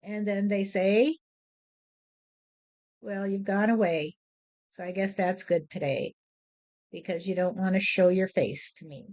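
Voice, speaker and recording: Woman, spiritual medium, slow measured monologue, mid-pitched, muffled lo-fi recorder sound. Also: fairly even intonation, a little mellow. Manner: slow, measured, repeats "you see". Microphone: handheld voice recorder.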